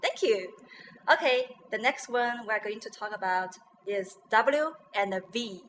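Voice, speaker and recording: A woman's voice: fairly high pitch, expressive, measured pace, fairly bright tone, slight background noise, rough recording. A woman with a Chinese accent, a native Chinese speaker, teaching English pronunciation and repeating words after a guest to check them. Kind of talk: bilingual pronunciation lesson.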